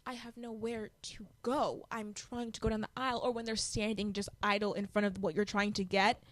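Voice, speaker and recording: A young adult woman co-hosting a podcast, chatting casually and telling animated stories with frequent laughter. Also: mid-range voice, brisk, no echo. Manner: animated storytelling, laughing often. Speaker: podcast co-host. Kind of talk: casual chat.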